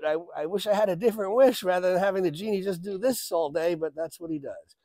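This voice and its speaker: A man's voice: high voice, fast, warm tone, dry recording. A man demonstrating a magic trick, telling a joking story as a chatty showman. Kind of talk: comic storytelling trick patter.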